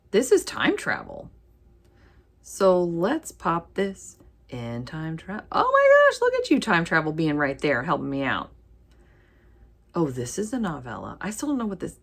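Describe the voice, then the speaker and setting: Lively low-voiced woman book vlogger. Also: slightly rough. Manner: chatty, animated, reads titles aloud with quick asides and laughs. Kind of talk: casual chat while sorting ebooks.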